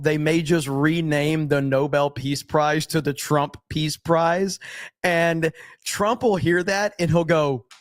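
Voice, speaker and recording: A man hosts a live stream, reacting to news clips in a casual, emphatic way. His voice sits fairly high, and he speaks slowly, hammering the same points again and again. The sound is dry and close to the mic. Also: no echo. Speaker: streamer host.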